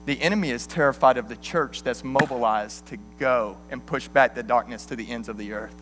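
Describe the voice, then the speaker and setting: A man in his thirties preaching a sermon as an animated, joking storyteller. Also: mid-range voice, a little fast, soft background music. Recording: long hall reverb.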